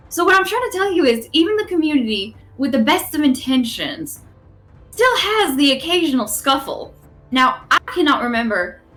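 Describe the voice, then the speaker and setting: A woman's voice: high-pitched, fairly bright tone. A woman voicing a melodramatic elven woman with a put-on accent in a tabletop role-play game. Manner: theatrical, swooning, over-the-top.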